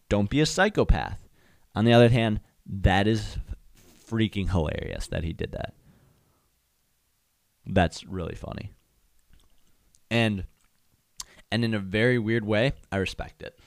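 A man's voice: fairly low pitch, animated, measured pace, gravelly, long pauses, dry recording, clean studio sound. A young man hosting a solo podcast, telling comedic stories and acting out voices and sound effects. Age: young adult. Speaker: podcast host.

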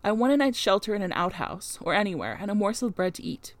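A woman's voice: mid-range voice, animated, fast talker, dry recording, close to an everyday voice. A desperate young woman, starving and pleading, read by a woman in her own voice. Her earnest requests sound lifted and urgent. The sound is dry and close.

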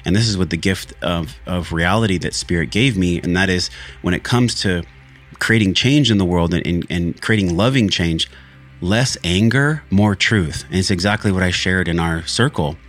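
A man's voice: low voice, moderate pace, a bit bright, faint music behind. A man hosting a podcast, talking earnestly and candidly about a spiritual journey, with frequent swearing. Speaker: podcast host. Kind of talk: candid reflective monologue.

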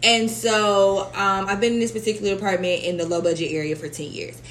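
A woman co-hosting a podcast who tells workplace stories in an animated way, swearing freely. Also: medium pitch, fairly quick, low-quality recording. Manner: animated, profane storytelling. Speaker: podcast co-host. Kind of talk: casual chat. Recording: faint background noise.

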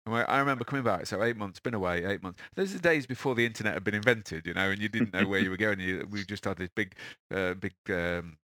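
Fast-talking older man, dry sound. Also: lowish voice, bright, forceful tone, dry recording. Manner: chatty storyteller who laughs often. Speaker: podcast host. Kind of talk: casual conversational interview.

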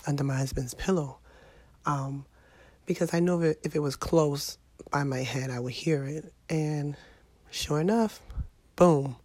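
A woman's voice: low-pitched, measured pace, pauses often, a little mellow, slightly rough, dry recording. Brief: sick, fed-up mom vlogger in her middle years, chatty and exasperated, dry close sound. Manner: exasperated, venting, chatty with viewers. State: sick with a sinus infection. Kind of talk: casual vlog monologue.

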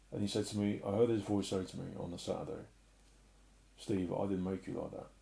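A middle-aged man sharing an emotional personal testimony and preaching in an earnest way, often sinking to a soft murmur. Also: sits low. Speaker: Christian speaker.

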